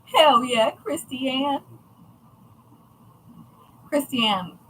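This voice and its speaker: A woman's voice: high-pitched, expressive, moderate pace, fairly bright tone, slight background noise, rough recording. A woman chatting casually on a livestream about her craft shop, chatty, profane and self-mocking.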